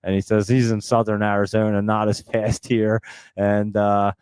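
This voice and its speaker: A man hosting a live stock-market stream, talking very fast in a chatty, rambling way and laughing often. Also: lowish voice, level tone, a little mellow, clean tone, no room sound. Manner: talks extremely fast and nonstop. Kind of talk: casual live-stream chat.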